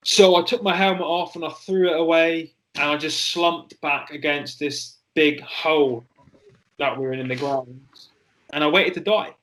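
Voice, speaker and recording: Forties male interview guest, candid storyteller, slightly high and bright voice. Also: steady tone, low-quality recording. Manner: candid, halting, with frequent fillers and swearing. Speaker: interview guest, former soldier.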